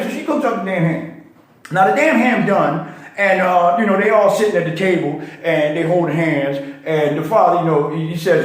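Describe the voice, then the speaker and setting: High-voiced man telling jokes, echoey. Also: normal speed. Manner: laid-back storyteller, laughs at own jokes. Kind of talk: casual phone-in joke telling. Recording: very echoey sound.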